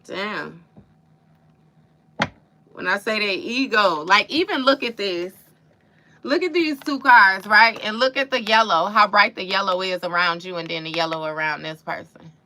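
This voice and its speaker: A woman gives a live tarot reading in a bright, forward voice. She talks straight to her viewers, casual and emphatic, full of slang. Her pitch sits in the middle range for a woman. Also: moderate pace. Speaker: tarot reader.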